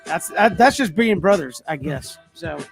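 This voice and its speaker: A man hosting a radio show, chatting casually and relaxed as he wraps up the segment. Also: a little high, measured pace, creaky, faint music behind. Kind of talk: casual chat and show wrap-up.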